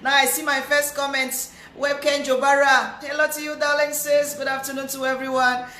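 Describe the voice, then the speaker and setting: A woman's voice: high-pitched, flat delivery, moderate pace, bright, forceful tone. A woman hosting a live stream, greeting viewers by name in a chatty, repetitive way, her voice thick with a cold. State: nasal with a cold. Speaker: livestream host. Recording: echoey room with faint hiss.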